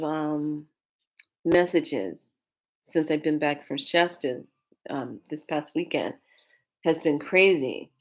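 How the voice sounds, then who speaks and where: A woman telling a spiritual dream story in a casual, rambling way, often repeating and restarting her phrases with earnest emphasis. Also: low voice. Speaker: spiritual vlogger.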